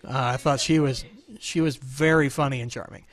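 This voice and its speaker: A man's voice: mid-range voice, fairly even intonation, a little fast. A man in his thirties hosting a casual show over a video call, joking and rambling. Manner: joking, rambling, self-deprecating. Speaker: podcast host.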